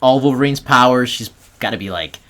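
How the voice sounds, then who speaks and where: A man's voice: medium pitch, brisk, fairly bright tone. A man co-hosting a casual podcast, explaining a movie at length and swearing casually. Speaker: podcast co-host. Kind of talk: casual movie review chat.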